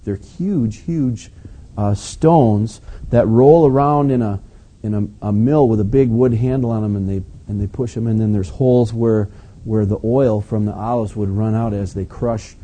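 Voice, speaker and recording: A male pastor delivering an animated, emphatic sermon with conversational asides. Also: on the low side, moderate pace.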